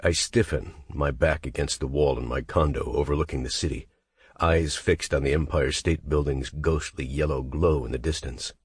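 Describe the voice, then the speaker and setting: A man's voice: a bass voice, fairly even intonation, normal speed, slightly rough. A man narrating a romance audiobook in the first person, with an intense, clipped, brooding delivery.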